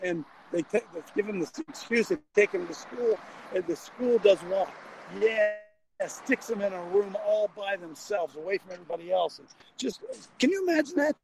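A man's voice: high voice, lively intonation, normal speed, gravelly, slight background noise, rough recording. An older man hosting a casual call-in talk show, rambling and folksy with frequent restarts, talking from a vehicle.

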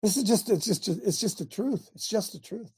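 Male host, fiery sermon-style monologue, shouts for emphasis. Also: high-pitched, moderate pace, husky. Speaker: talk show host. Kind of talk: preaching talk show monologue.

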